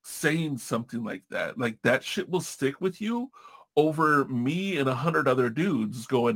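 Husky-voiced man chatting candidly. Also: mid-range voice, animated, a little slow, fairly bright tone. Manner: candid, profane, rambling with restarts. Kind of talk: casual chat.

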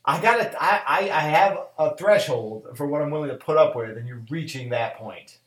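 A man in his thirties, a cook, tells a story in loose, profane chat, acting out both sides of a quarrel. His voice sits a little high. The room around him rings with echo. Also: lively intonation, normal speed, a bit bright. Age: 30s. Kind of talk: casual chat.

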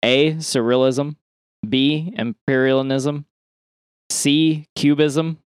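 A man's voice: fairly high pitch, steady tone, slow pace, smooth, dry recording, studio quality. A man co-hosting a podcast, reading out quiz questions and multiple-choice answers in a casual chat, laughing often. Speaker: podcast co-host running a quiz.

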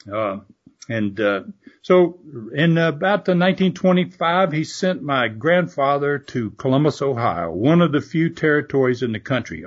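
An older man, a former wrestler telling rambling stories as a guest, full of fillers and restarts. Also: mid-range voice. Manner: rambling anecdotal, frequent fillers and restarts, laughing asides. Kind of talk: storytelling interview. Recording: dull lo-fi audio.

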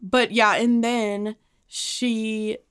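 A woman's voice: on the high side, extremely slow, clear, resonant tone. A woman co-hosting a casual podcast chat, telling stories with lots of laughter and acted-out quotes. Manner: animated storyteller, laughs often, acts out quotes. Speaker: podcast co-host.

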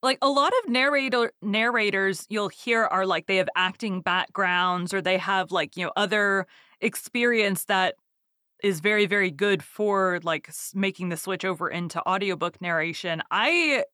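A woman's voice: mid-range voice, normal speed, bright, forceful tone, no echo, clean studio sound. A young adult woman from Texas, an audiobook narrator hosting a casual interview, chatty and laughing often. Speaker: podcast host and audiobook narrator.

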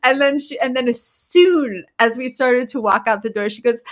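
A woman in her thirties co-hosts a casual podcast and tells a story about her kids. Her voice sits a little high, and she slips into her children's voices as she talks. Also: normal speed. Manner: chatty storyteller, acts out her kids' lines, laughs often. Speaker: podcast co-host. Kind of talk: casual chat.

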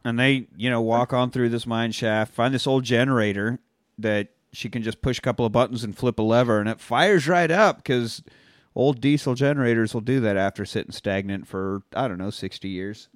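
A man's voice: medium pitch, normal speed, no echo, studio quality. Man recapping a movie, casual and profane. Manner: recaps scenes, acts out dialogue with swearing. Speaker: podcast co-host.

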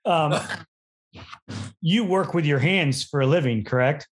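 A man's voice: a little high, unhurried. A man interviewing a guest, prompting with brief casual questions.

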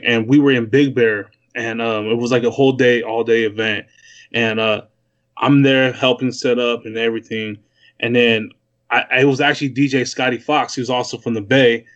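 Young man, guest DJ, from Newark California, laid-back and slangy, dull lo-fi call audio, mid-pitched. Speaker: guest DJ calling in. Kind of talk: casual interview chat. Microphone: remote call from home.

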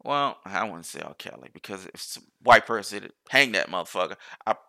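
A man's voice: sits low, animated, brisk, gravelly, bright, forceful tone. A man talking in a casual, rambling monologue, swearing freely and restarting his sentences often.

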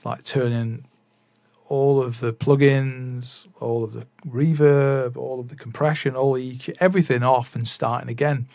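A man's voice: mid-range voice, steady tone, normal speed, vocal fry, a little mellow, dry recording. A man chatting casually about drum practice, rambling with many fillers and restarts. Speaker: drummer vlogger. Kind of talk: casual chat.

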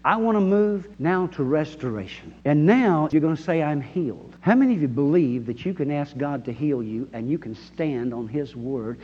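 An emphatic male pastor with a high voice preaches to his congregation and draws calls and responses from them. His voice rings through a long hall reverb and comes across dull and lo-fi. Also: animated, normal speed, few pauses, slightly rough. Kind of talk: sermon. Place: church sanctuary.

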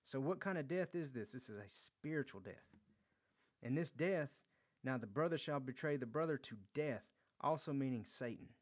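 A man's voice: mid-range voice, lively intonation, normal speed. A man leading a verse-by-verse Bible study, reading scripture aloud and explaining it in a conversational way, often repeating words and restarting phrases. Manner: reads scripture aloud, then explains it conversationally with acted quotes. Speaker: Bible teacher.

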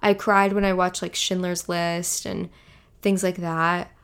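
Young woman rambling on her podcast, says like a lot, kinda low voice. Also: little pitch movement, unhurried, fairly bright tone, clean tone. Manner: rambling, heavy on "like" fillers. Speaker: podcast host. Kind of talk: casual solo podcast chat. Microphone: podcast microphone.

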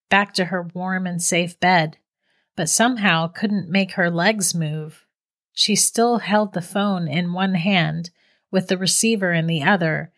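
A woman with a somewhat low voice narrates a horror story. Her reading is measured and suspenseful, steady and deliberate.

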